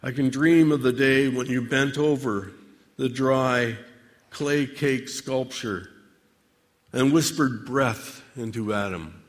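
A man preaching a dramatic sermon monologue addressed to God, with measured, theatrical delivery and long pauses. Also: mid-range voice, big-room sound.

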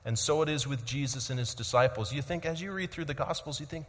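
A man preaching a sermon as pastor, swinging between loud emphasis and quiet reflective passages. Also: on the high side, fast talker, big-room sound.

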